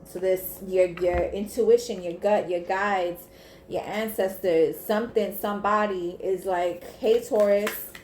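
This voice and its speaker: This tarot reader speaks in a lowish, darkish voice at a measured pace with fairly even intonation. Reading cards to camera, she's blunt and emphatic and swears freely, in an echoey room with faint ambience and slight background noise.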